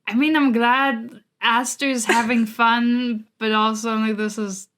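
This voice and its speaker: A woman's voice: a little high, flat delivery, measured pace, fairly bright tone. Woman, podcast co-host, casual chat, dry, sarcastic, wry. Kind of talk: casual chat reacting to a book recap.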